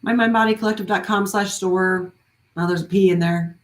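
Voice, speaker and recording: A woman's voice: medium pitch, fairly even intonation, normal speed. Heartfelt woman talking in a roomy space. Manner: heartfelt, effusive, rambling with restarts. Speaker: wellness studio leader. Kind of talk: live-streamed casual talk. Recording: roomy echo.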